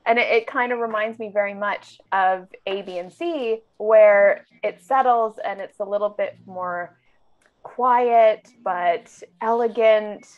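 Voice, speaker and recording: A woman's voice: mid-range voice, slow pace. A woman co-hosting a podcast, chatting casually with giggles and many fillers. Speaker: podcast co-host. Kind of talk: casual chat. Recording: dull lo-fi sound.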